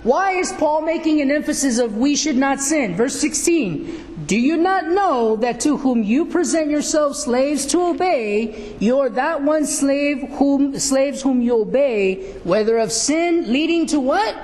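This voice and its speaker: Preacher, male, high-pitched, unhurried, teaching from scripture in a reverberant hall. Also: animated, a little mellow. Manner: slow, questioning the congregation. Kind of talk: sermon. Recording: echoey hall.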